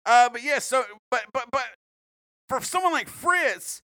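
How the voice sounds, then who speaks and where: A man with a high, bright, forward voice tells a dark story in loose, profane podcast chat. He jokes and rambles, a little tipsy, close on the mic in a dry, deadened room. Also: expressive, measured pace, no room sound. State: tipsy from drinking. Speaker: podcast co-host. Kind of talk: casual true crime podcast chat.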